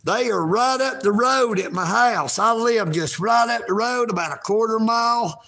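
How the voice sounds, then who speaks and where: A man, vlogging outdoors at a park in a folksy, rambling way that bursts into shouting. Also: high-pitched, moderate pace, gravelly. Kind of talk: rambling livestream vlog.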